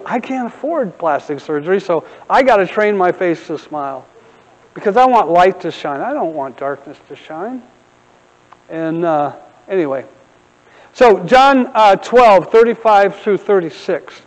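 A middle-aged man preaches in a church sanctuary, telling stories with humor and animated asides. His voice sits high, and long reverb from the hall trails his words. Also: unhurried, highs cut off. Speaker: pastor. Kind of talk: sermon.

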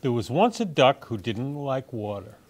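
A man reading picture books aloud for children in a gentle, expressive storytime manner. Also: mid-range voice, moderate pace. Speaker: storytime reader.

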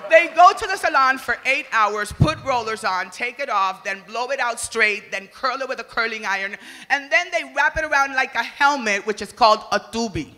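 A woman's voice: a little high, lively intonation, moderate pace, a little hiss or hum. Brash woman doing stand-up. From Dominican Republic. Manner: brash, crude and loud, shouting punchlines. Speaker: stand-up comedian. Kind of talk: stand-up comedy set. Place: comedy stage before an audience. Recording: reverberant live venue, faint ambience.

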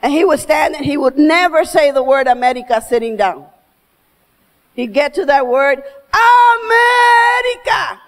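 A woman's voice: high-pitched, normal speed, poor audio. A middle-aged woman giving a motivational keynote, telling stories emphatically and mixing in Spanish phrases. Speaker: keynote speaker. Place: stage before an audience.

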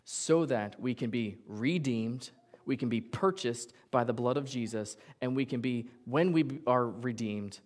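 Guy pastor preaching in church, chatty and jokey, acts out little quotes, mid pitch voice. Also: a little slow. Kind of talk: sermon. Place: church sanctuary.

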